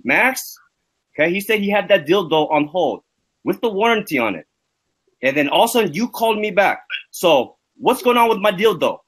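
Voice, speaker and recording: A man's voice: high-pitched, very animated, moderate pace, a bit bright, slightly rough. A man on a livestream making an indignant, swearing prank phone call and repeating himself.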